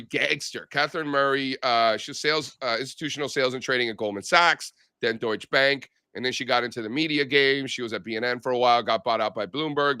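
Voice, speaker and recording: A man hosting a casual market chat show, loud, playful and animated as he tells stories. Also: mid-range voice, smooth, no room sound, clean studio sound. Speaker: show host.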